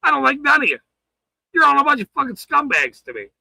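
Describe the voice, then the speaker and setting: Male streamer, angry profane rant, sharp bright voice, lively pitch swings. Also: fast, creaky, dry recording, low-quality recording. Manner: profane, taunting, swings between shouting and muttering. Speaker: livestream host. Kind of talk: angry ranting livestream.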